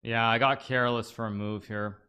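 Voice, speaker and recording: A man commentating live on his own chess games as a streamer, thinking aloud, with sudden excited bursts of self-criticism. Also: mid-range voice, fairly quick, background noise. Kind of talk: live commentary while playing online chess.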